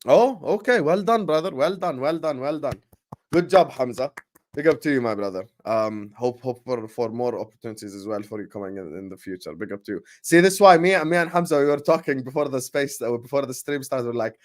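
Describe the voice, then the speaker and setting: A man's voice: mid-range voice, animated, brisk. A man hosting a live-streamed football show, reading viewer messages aloud and hyping up the chat. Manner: upbeat, gives shout-outs to viewers and hypes the chat. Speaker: host.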